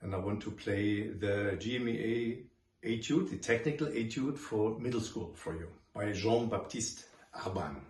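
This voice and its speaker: Trumpet teacher in a roomy room. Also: male voice, fairly low pitch, measured pace, darkish tone, slight background noise. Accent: German. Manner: sings rhythms in syllables while explaining. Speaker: trumpet professor. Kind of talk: demonstrating instruction to students.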